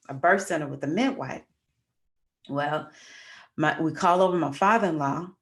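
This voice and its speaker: A woman's voice: sits low, creaky. A middle-aged woman hosting a casual livestream, chatting with viewers and telling a personal story. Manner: chatty, addresses viewers as y'all. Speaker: astrology livestream host.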